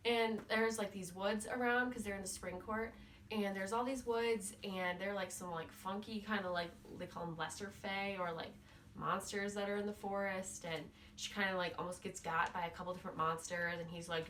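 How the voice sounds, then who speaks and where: A woman vlogger chats through a book recap in a loose, joking way, with "like" in nearly every sentence. She sits back from the microphone, so her mid-pitched voice sounds a little distant, with a faint hiss behind it. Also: steady tone, normal speed, fairly bright tone. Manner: chatty, playful, says "like" constantly. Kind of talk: casual spoiler book recap. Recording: voice somewhat far from the mic.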